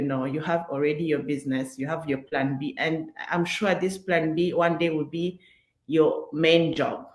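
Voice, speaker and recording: A woman giving a halting testimonial on a video call, full of "like" fillers. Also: sits low, steady tone, roomy sound. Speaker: business member. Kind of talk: casual testimonial.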